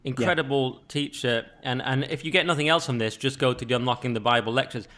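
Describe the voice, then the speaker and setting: A man hosting a podcast, talking casually and rambling a little with quick asides and restarts. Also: medium pitch, fairly even intonation, bright, forceful tone. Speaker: podcast host.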